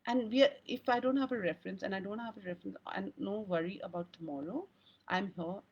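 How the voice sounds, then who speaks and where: Husky-voiced woman hosting a live talk. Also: mid-range voice, fast talker, darkish tone. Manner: earnest, rambling, laughs often. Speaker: host. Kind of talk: live-stream talk on emotional wellbeing. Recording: dull lo-fi sound.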